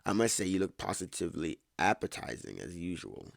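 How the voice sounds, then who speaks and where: A man's voice: deep voice, sing-song, fairly quick, creaky, no echo, clean studio sound, full character voice. A man voicing a smarmy, creepy young neckbeard who talks in a mocking, feminine put-on accent.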